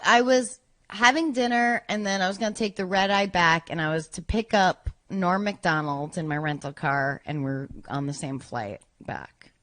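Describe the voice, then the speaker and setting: A woman telling a story on a podcast in a casual, animated way, acting out what people said. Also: fairly low pitch, moderate pace. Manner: animated, acts out quoted lines. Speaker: podcast guest.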